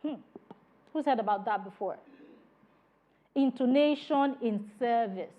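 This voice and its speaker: Woman trainer lecturing a class on customer service, high voice, keeps saying all right, dull lo-fi sound. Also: unhurried. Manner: animated, repeats "all right" often, acts out customer exchanges.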